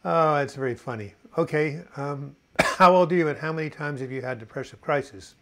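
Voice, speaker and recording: A man's voice: fairly high pitch, normal speed, bright, forceful tone. A man in his sixties hosting a casual live video chat, reading viewer comments and telling corny jokes and puns. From United States. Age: 60s. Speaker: host of a live video chat on mental health.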